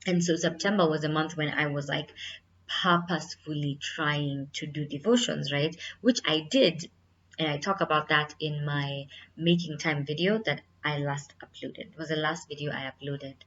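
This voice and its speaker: Young woman, low voice, earnest casual vlog delivery, slightly muffled home recording. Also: moderate pace, fairly bright tone. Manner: candid, earnest, many fillers like "like" and "you know". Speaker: vlogger.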